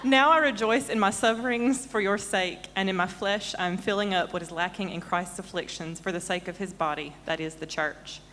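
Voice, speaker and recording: A woman with a Southern American accent reads scripture in a steady, measured voice, sitting at a middle pitch. She is heard from a little distance in a church with a long, ringing reverb. A faint background hiss sits under her voice. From Southern United States. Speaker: congregation member reading scripture. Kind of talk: scripture reading.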